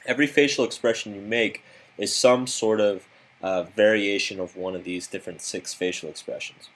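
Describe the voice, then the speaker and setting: Lower-voiced man giving a coaching lesson. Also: fairly even intonation, normal speed, fairly bright tone. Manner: direct, instructive, with occasional fillers. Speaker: self-improvement coach. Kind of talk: recorded lesson narration.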